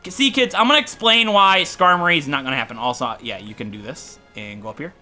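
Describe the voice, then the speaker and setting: A man's voice: a little high, quick pace, sharp tone. A young man from Ohio giving casual, jokey commentary as he plays a video game and talks to his viewers. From Ohio, USA. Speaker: let's play gamer. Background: faint game music.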